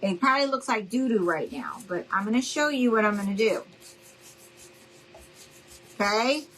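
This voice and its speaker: A woman's voice: mid-range voice, lively intonation, quick pace, fairly bright tone, slightly rough, low-quality recording. A middle-aged woman hosting a casual live crafting demo, chatty and friendly, calling her viewers y'all. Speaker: craft tutorial host.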